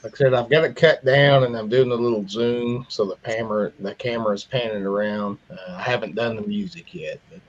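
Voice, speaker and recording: A man's voice: on the low side, steady tone, a little fast, few pauses, muffled recording. A man in a casual group chat, chatty and amused. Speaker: video editor.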